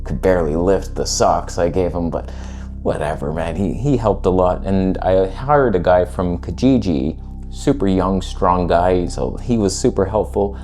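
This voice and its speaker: A man's voice: low voice, unhurried, faint music behind. A man vlogging, casually retelling a story in laid-back slang with some swearing. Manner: animated retelling that acts out quoted voices.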